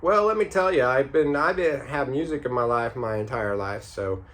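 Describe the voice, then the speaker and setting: A man voicing a friendly, easygoing street guitarist in a relaxed way. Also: mid-range voice, normal speed, close to an everyday voice.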